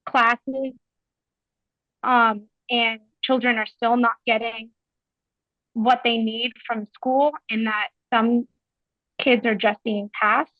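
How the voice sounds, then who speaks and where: A woman's voice: a little high, no echo, lo-fi sound. A woman asking questions during public comment at a community meeting, nervous, with a shaky voice.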